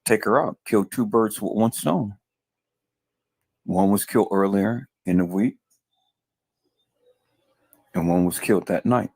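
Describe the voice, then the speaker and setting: A man's voice: lowish voice, measured pace, creaky, long pauses, darkish tone, slightly rough, no echo. A man hosting a livestream, talking angrily to his viewers in a heated commentary full of repeated words and exasperation. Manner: furious, repeats himself, addresses viewers as peoples. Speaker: livestream host.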